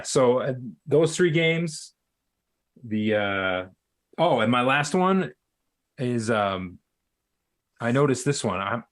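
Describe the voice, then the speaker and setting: A man's voice: medium pitch, fairly bright tone. A man co-hosting a sports podcast, telling rambling stories full of fillers and restarts. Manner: rambling storyteller with many fillers. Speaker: podcast co-host. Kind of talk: casual sports chat.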